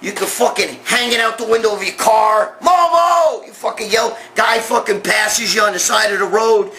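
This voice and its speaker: Male host, high bright voice, foul-mouthed shouting rant to camera. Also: fairly even intonation, moderate pace, slight background noise. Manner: loud, swearing, bursts of shouting. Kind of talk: profane comic rant to camera.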